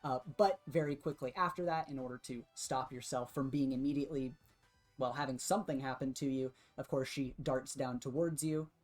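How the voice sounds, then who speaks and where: A woman narrating a tabletop game as game master, relaxed and giggly, with many fillers. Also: extremely low pitch, fairly quick, faint music behind.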